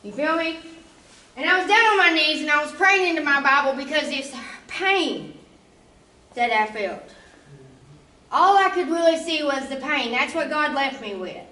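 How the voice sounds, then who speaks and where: A woman's voice: sits high, lively intonation, moderate pace, pushed and bright, echoey room, recorded from a distance, rough recording. A woman giving an emotional, conversational church testimony, often checking in with her listeners. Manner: emotional, conversational, often asks "you know?". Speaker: testimony speaker.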